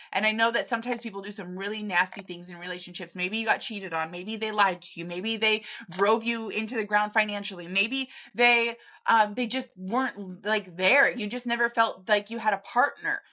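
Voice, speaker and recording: A podcast host speaks straight to the listener in a direct, emphatic motivational monologue, blunt and pep-talk in style. Her mid-range voice is bright and forceful, at a normal speed with few pauses.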